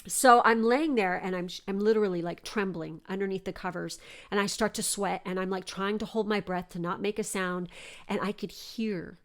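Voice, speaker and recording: Woman, young adult, podcast host, casual storytelling, animated, swears a lot, medium pitch. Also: moderate pace.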